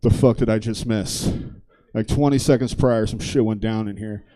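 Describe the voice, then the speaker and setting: A man's voice: on the low side, steady tone, moderate pace, dark tone. Casual profane man telling a stand-up story. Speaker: stand-up comedian. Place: comedy theater stage.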